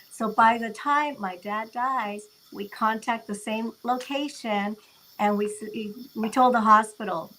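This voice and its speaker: A woman's voice: a little high, measured pace, a little hiss or hum, rough recording. A woman, a guest on a talk show, telling a family story casually and bringing it to life with quoted dialogue. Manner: animated retelling with quoted dialogue.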